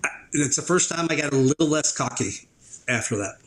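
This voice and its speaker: A man who works as a drone operator, appearing as a podcast guest and telling stories in a casual, animated way, acting out how other people reacted. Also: a little high, fairly quick, slight background noise, low-quality recording. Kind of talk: casual interview storytelling.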